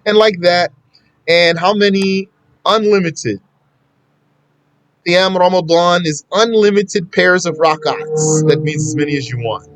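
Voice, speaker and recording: A man with a slightly raised pitch walks through a religious lesson in a casual, conversational way. He repeats his points for emphasis. The sound is dry and close, with no room around it. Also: unhurried, a bit bright, dry recording. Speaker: Islamic teacher.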